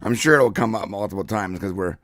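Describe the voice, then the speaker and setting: A man co-hosting a casual podcast, his voice congested and hoarse, rambling and joking with lots of fillers and throat clearing. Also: lowish voice, brisk, fairly bright tone, no echo, clean studio sound. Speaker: co-host.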